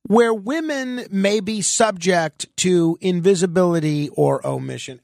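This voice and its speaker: Sarcastic and mock-exasperated, a male talk radio host, pitched high with a gravelly edge, wanders into chatty asides, speaking a little slowly with few pauses. The close studio microphone gives a dry, darkish tone with no room sound.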